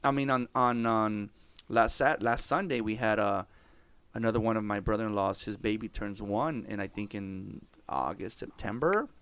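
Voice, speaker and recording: A man, telling family stories on his podcast in a casual, animated way, swearing and laughing often. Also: fairly low pitch, normal speed, clean tone, no room sound. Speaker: podcast host. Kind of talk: casual storytelling chat.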